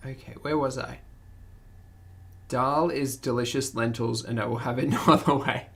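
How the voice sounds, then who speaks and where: A woman's voice: a bass voice, fairly even intonation, moderate pace, vocal fry. An Australian woman with a mild accent, chatting casually with her livestream audience and laughing often as she reads the chat. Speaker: streamer.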